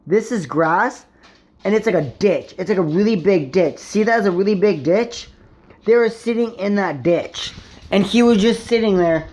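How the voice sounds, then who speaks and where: A man's voice: high-pitched, darkish tone. A young man in a casual vlog, rambling through a story to camera with lots of swearing and filler words. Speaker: vlogger.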